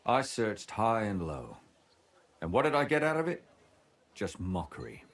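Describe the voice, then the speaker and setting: A man's voice: fairly low pitch, wildly swooping pitch, measured pace, a bit bright, heavily acted. An actor playing a weary, bitter former scribe who calls himself a madman, in game voice acting. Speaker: video game character.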